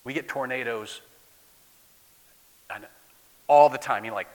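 A man from the Midwest preaching a sermon as a guest pastor, swinging from loud declaiming to soft near-whispers, in a church. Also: fairly low pitch, moderate pace, pauses often. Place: church sanctuary. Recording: long hall reverb.

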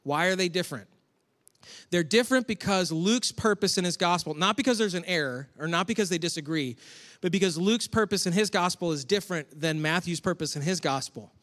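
A man from Western New York preaching a conversational sermon, with chatty, animated asides to the congregation. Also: high voice, brisk. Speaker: pastor. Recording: long hall reverb.

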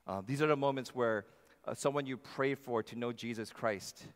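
A man's voice: medium pitch, normal speed. Emphatic male pastor in a reverberant hall. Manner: emphatic, swinging between loud and soft. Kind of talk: sermon. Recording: long reverb of a large hall.

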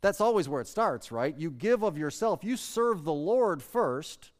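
A pastor preaching a conversational sermon, asking the congregation questions and reading scripture slowly before explaining it in plain words. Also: male voice, a little high, very animated, big-room sound.

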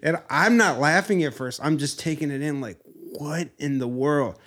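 Animated male podcast host telling stories. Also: a little high, normal speed. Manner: animated, acts out scenes with funny imitations. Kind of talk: casual storytelling chat.

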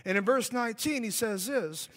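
High, fervent preacher in a reverberant hall. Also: male voice, normal speed, fairly bright tone. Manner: fervent, emphatic, repetitive. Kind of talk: revival sermon. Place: church sanctuary.

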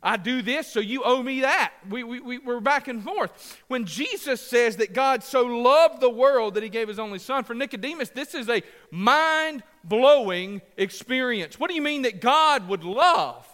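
High-voiced, emphatic preacher in a reverberant church. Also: male voice, expressive, unhurried, fairly bright tone. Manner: passionate, emphatic repetition, jokes with the congregation. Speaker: pastor. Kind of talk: sermon. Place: church sanctuary.

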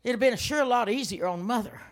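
Talking fast in a voice on the high side, an older female minister shares personal testimony in her sermon. Her storytelling is dramatic, punctuated by abrupt, loud outbursts.

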